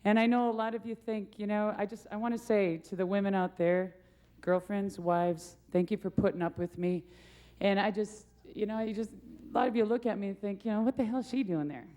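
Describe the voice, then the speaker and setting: A woman's voice: medium pitch, fairly even intonation, fairly quick, mellow. A young woman, a monster truck driver, giving a rambling, laughing award acceptance speech full of self-deprecating stories.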